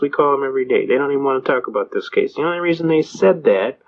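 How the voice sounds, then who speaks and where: A man with a fairly high voice lectures on constitutional law through folksy courtroom anecdotes. He acts out the quotes with plenty of animation and laughs often. The recording is muffled and lo-fi. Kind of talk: storytelling lecture.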